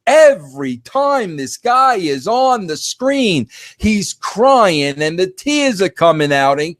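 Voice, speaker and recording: Animated, stammering male podcast host. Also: high voice, takes it slowly, no room sound, studio quality. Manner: emphatic, stammering restarts. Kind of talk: casual monologue.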